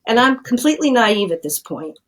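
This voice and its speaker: A woman's voice: fairly high pitch, big pitch swings, fairly quick, a bit bright, low-quality recording. Middle-aged woman guest, earnest and plainspoken storyteller. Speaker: addiction scientist, guest. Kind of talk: conversational storytelling.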